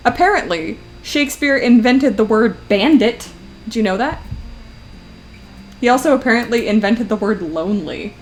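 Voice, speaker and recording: A woman's voice: on the high side, lively intonation, moderate pace, slight background noise, low-quality recording. A woman streaming while she draws, chatting casually, laughing often and reacting to her chat.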